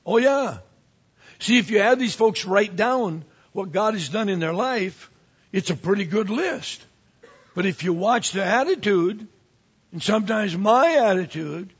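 A man who is a pastor, preaching a sermon with animated swings from quiet asides to emphatic rises. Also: high-pitched, husky, muffled recording.

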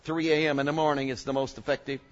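A man's voice: fairly high pitch, little pitch movement, fast talker, muffled recording. A male preacher giving a sermon, joking and emphatic, working up from asides to strong points.

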